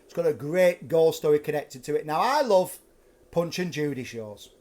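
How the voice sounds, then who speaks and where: A man hosting a live stream from his flat, telling a ghost story in a chatty, animated way. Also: fairly high pitch, moderate pace. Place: flat at home.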